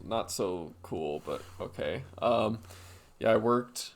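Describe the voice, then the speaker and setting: Young guy cohosting a podcast, gravelly, rambly storyteller with lots of ums. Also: on the low side, lively intonation, slow. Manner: rambling storytelling with many fillers. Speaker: podcast co-host. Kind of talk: casual chat.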